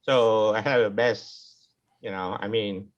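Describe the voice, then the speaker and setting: Slow, hesitant man on muffled audio. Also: on the low side, fairly even intonation. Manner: hesitant, many uh's. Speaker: club member. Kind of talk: casual Zoom meeting chat. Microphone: computer mic on a video call. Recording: dull lo-fi video call audio.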